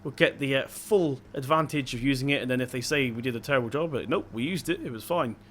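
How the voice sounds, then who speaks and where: A man's voice: mid-range voice, fast, fairly bright tone, a little hiss or hum. A young man giving casual let's-play commentary as a gaming video host, chatty and rambling, often stopping to correct himself.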